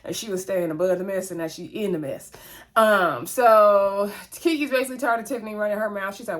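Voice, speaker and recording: A woman's voice: mid-range voice, brisk. A woman, casually recapping a reality show episode in a chatty, gossipy way. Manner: chatty, gossipy, acts out the cast's lines.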